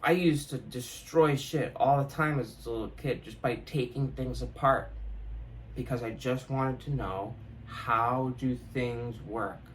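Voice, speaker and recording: Speaking a little slowly in a mid-range voice, a young man runs a solo podcast, reflecting casually, cursing freely, and laughing often. The recording is rough, with a bit of background noise.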